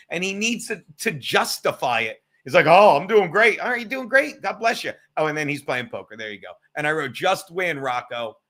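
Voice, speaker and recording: A man's voice: high voice, vocal fry, bright, forceful tone. A man hosting a live stream, rambling and sarcastic, swearing often as he tells stories and reads chat. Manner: rambling, profane, sarcastic storytelling. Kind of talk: casual livestream chat.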